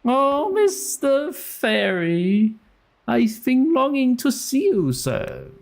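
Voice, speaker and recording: A man voicing an eccentric grown man in a fairy costume, giddy and greedy, in a high, sing-song, preposterous voice, with game music behind. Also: very animated, slow, gravelly, darkish tone, exaggerated voice.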